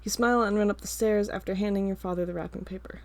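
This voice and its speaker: Woman reading an audiobook steadily, slight vocal fry. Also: medium pitch, fairly even intonation, fast talker, dry recording. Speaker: audiobook narrator. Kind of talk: audiobook narration.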